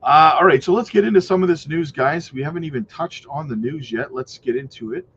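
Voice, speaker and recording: A man's voice: on the high side, brisk, a bit bright, lo-fi sound, a little hiss or hum. A man hosting a crypto channel, chatting casually, rambling a little and answering viewer questions. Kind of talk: casual livestream chat and news reading.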